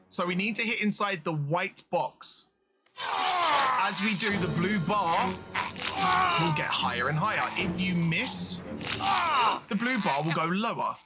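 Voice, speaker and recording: A man casually commenting on a game he is playing, chatty and jokey, with quick asides. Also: high voice, expressive, over loud music. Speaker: gaming video host.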